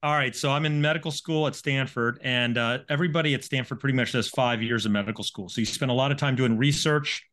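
Male guest, lively storyteller, conversational. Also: mid-range voice, fast, few pauses. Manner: animated storyteller. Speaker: guest, neurosurgery professor. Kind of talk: storytelling in an interview.

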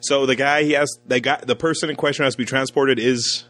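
A man's voice: mid-range voice, steady tone, fast, a bit bright, no room sound, faint music behind. A man co-hosting a casual movie podcast, wry and laid-back with some swearing. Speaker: podcast co-host. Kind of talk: casual movie review chat.

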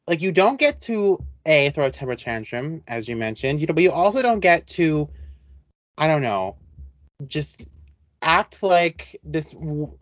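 A man co-hosting a podcast in casual chat, talking in an animated, rambling way with many restarts. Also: mid-range voice, no echo, highs cut off. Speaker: podcast co-host.

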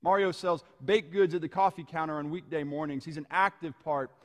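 Male preacher, slightly high voice, measured storytelling sermon, long hall reverb. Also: steady tone. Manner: measured, storytelling, slowing on key phrases.

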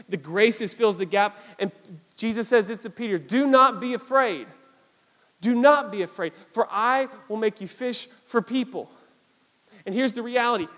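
A male pastor preaching a sermon, animated, with lots of repetition for emphasis. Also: high voice, big-room sound.

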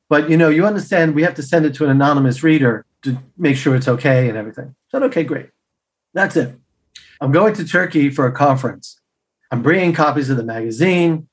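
A man telling stories as a podcast guest, acting out the people he quotes with big jumps in pitch and laughing as he goes. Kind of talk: casual storytelling.

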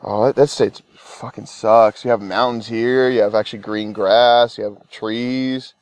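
A man's voice: lowish voice, steady tone, unhurried, darkish tone, smooth, no room sound. A man co-hosting a casual podcast chat, blunt and swearing freely. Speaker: podcast co-host.

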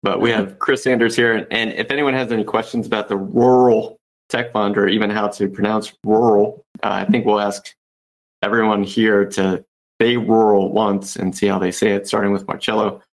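A man with a fairly low voice hosts a casual webcast. He jokes and laughs easily with his guests, in an offhand, easygoing way. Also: normal speed. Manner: joking, relaxed, laughs often. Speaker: host.

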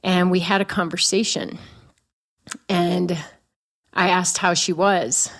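A woman's voice: fairly low pitch, level tone, slow pace, a bit bright. Forties woman telling a candid story. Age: 40s. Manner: candid, self-mocking, laughs as she tells it. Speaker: guest. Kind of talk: personal storytelling.

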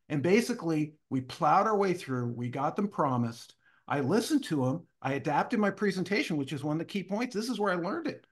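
A man, a guest on an interview show, telling a story in a casual, animated way and acting out the voices of the people in it. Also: a little high, brisk. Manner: animated, acts out quoted dialogue. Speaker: guest speaker.

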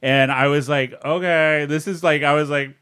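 A man's voice: normal speed, clean tone. A man co-hosting a podcast, telling a story in casual chat and acting out the other people's lines. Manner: animated storyteller, mimics others' lines with raised pitch. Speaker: podcast co-host.

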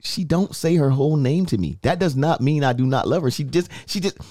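A man's voice: fairly high pitch, animated, fairly quick, warm tone. A man hosting a podcast, bantering and joking in casual, slangy talk. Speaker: podcast host.

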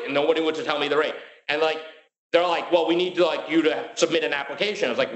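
A man telling his story as a guest in a casual interview. He talks in a rapid, filler-heavy way and acts out the dialogue he quotes. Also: fairly high pitch, a bit bright, echoey room, rough recording.

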